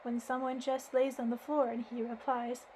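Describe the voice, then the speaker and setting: A woman's voice: a little high, flat delivery, normal speed, warm tone, slight background noise, natural voice, rough recording. A woman voicing a sturdy village housekeeper in her forties, telling her worries in folksy rustic speech. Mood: worried, folksy.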